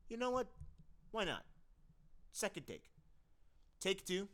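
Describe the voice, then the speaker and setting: Slow-talking man rambling between voice takes. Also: sits high, big pitch swings, fairly bright tone. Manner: rambling, self-deprecating, laughs at himself. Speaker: voice acting hobbyist. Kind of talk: casual voice acting practice commentary.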